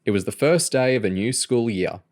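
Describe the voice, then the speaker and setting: A man reading a novel aloud in a steady storytelling manner. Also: mid-range voice, a little fast. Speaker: audiobook reader. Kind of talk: audiobook narration.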